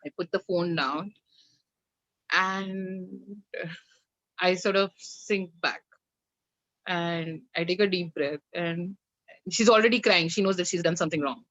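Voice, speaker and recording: A woman's voice: fairly low pitch, a little slow, pauses often, no room sound. Woman telling a candid family story. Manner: animated, recounts with acted-out dialogue and laughs. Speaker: guest, mother and coach. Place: home. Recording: slightly dull lo-fi sound.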